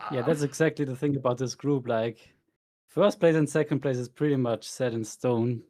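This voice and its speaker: A man co-casting a live esports match, giving calm, analytical play-by-play. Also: medium pitch, moderate pace. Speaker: esports co-caster. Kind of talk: live game commentary.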